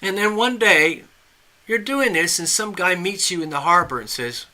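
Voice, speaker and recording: A man's voice: fairly high pitch, normal speed, bright, forceful tone. A man doing tarot readings on a live stream, telling a story in a chatty, rambling way with restarts and asides. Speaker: tarot reader.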